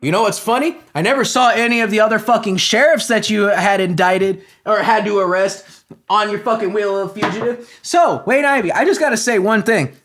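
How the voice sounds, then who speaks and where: A man's voice: sits high, brisk, fairly bright tone. A man hosting a podcast, delivering a heated, sarcastic, profane comedic rant. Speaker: podcast host.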